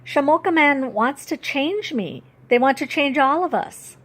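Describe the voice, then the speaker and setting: A young Ojibwe girl, upset and defiant, pleads in a high, tearful voice, as a woman reads her aloud from a storybook. The delivery is raised and urgent. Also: animated, a little slow, fairly bright tone. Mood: upset pleading.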